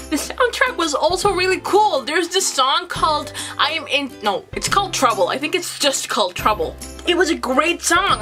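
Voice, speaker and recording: A woman giving a casual video book review, animated and expressive and swearing freely. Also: high voice.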